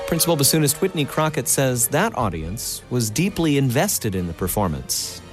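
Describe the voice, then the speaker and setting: A male radio reporter reading a scripted report with a lively, moving pitch. Music runs clearly under the narration. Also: moderate pace.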